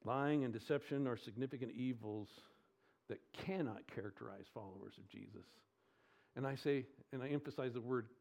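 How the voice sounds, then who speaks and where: A man preaching a sermon with emphatic delivery, asking the congregation questions and swinging between loud stresses and quiet lows. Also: moderate pace, vocal fry. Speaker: pastor.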